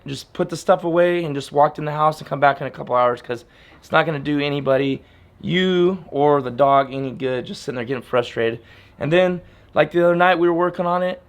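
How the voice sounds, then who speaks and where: Out in a casual outdoor vlog, a channel host trains his dog while speaking plainly and directly to viewers, repeating himself a lot. His voice is a little high and creaky.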